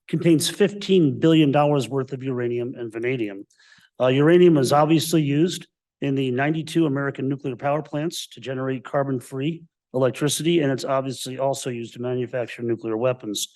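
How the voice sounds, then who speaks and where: A male political candidate from Colorado's Western Slope gives a prepared public comment in a medium-pitched, somewhat dark voice, speaking fairly quickly. He is emphatic and combative, repeating strong claims.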